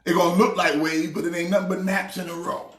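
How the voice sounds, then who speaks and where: A man playing a loud, excitable pastor ranting about sports teams. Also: sits high, fast, reverberant, lightly acted. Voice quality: preachy, shouting rant. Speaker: comedic sports pastor character. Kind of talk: comedic sports rant.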